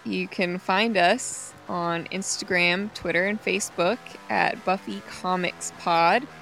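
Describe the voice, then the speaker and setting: A woman's voice: on the low side, fairly even intonation, slow, creaky, a bit bright, faint music behind. A woman co-hosting a podcast, recapping a comic in casual chat with unsure asides and easy laughs. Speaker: podcast co-host.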